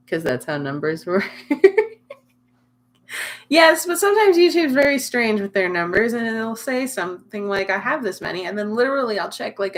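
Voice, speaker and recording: A woman's voice: lowish voice, creaky, a bit bright, slight background noise. A young woman hosting a casual livestream, chatting and teasing her viewers and laughing often. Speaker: livestream host. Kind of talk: casual livestream chat reading comments.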